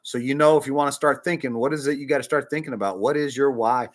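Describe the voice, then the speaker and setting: A man preaching a casual sermon as a bishop, emphatic, swinging between loud stresses and hushed asides. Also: mid-range voice, fast.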